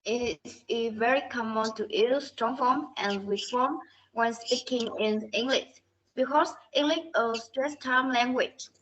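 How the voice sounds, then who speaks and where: A woman student reading a class presentation on pronunciation, slowly and carefully going through word lists. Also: a little high, a bit bright. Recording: dull lo-fi recording.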